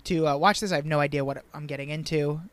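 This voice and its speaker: A man's voice: a little high, steady tone, fast talker, fairly bright tone, no room sound. Chatty podcast co-host man. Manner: chatty, plugs and recommendations. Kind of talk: casual chat.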